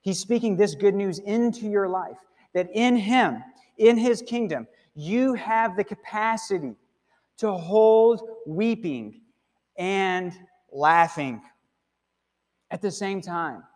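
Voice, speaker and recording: A man's voice: sits high, lively intonation, measured pace, darkish tone. A man preaching a sermon as pastor in a church, talking conversationally and often checking in with "okay?" and "right?". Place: church sanctuary. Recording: long hall reverb.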